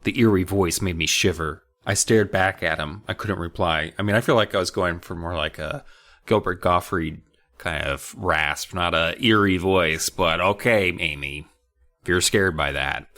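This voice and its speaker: A man's voice: low-pitched, moderate pace, pushed and bright. A man co-hosting a comedy podcast, reading a horror book aloud with wry asides. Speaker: podcast co-host.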